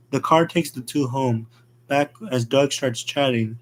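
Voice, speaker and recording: A man narrating a fan horror story in a plain, rushed reading with slips. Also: mid-range voice, steady tone, a little hiss or hum.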